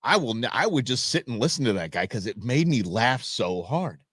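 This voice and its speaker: A man's voice: medium pitch, sing-song, normal speed, fairly bright tone, slightly rough, dry recording, studio quality. A man hosting a live political commentary stream, reacting to clips with sarcastic, mocking asides and frequent laughter.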